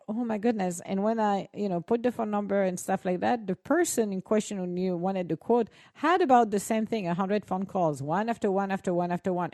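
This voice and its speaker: A woman's voice: medium pitch, darkish tone, dry recording, studio quality. A woman co-hosting a show, chatting casually and animatedly to her listeners with frequent exclamations and laughter. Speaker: co-host.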